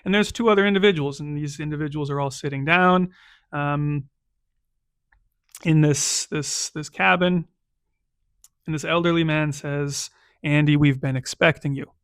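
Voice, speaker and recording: A man's voice: fairly high pitch, steady tone, measured pace, long pauses, a bit bright, smooth, dry recording, clean studio sound. A man narrating a solo tabletop game recap as game master, loose and conversational. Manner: loose, conversational, checks in with "right?".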